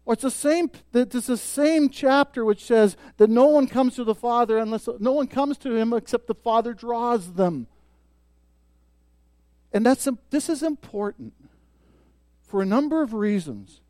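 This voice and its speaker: A man preaching a sermon as pastor, emphatic, swelling loud on key points and dropping soft. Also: extremely high pitch, lively intonation, measured pace, no echo.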